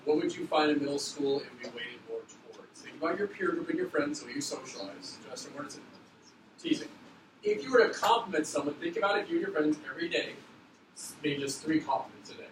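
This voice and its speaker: A man teaching a middle school class, explaining an activity in a loose, quick, joking way. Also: a little high, lively intonation. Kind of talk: classroom instruction. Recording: echoey classroom, far from mic, background noise.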